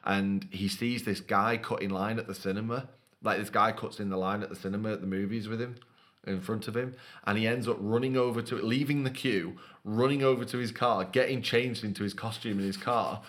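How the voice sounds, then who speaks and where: A man's voice: on the low side, fairly even intonation, brisk, fairly bright tone. A man co-hosting a podcast, teasing and telling funny stories in casual chat. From United Kingdom. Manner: playful, teasing storyteller. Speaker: podcast co-host.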